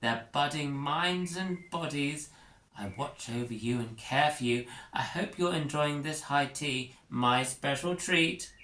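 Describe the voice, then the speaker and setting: A man's voice: on the high side, slow pace, bright, forceful tone, reverberant, voice pushed up, low-quality recording. A man doing a prim, fussy young schoolmistress. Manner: formal, fussy, proper. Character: prim young female school counsellor, overly formal.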